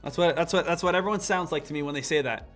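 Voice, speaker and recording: Male trading-stream host, animated and lecturing, bright and forceful tone. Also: on the high side, fast talker, faint music behind. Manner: animated, lecturing, addresses the chat directly. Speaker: day trading livestream host. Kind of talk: live trading commentary.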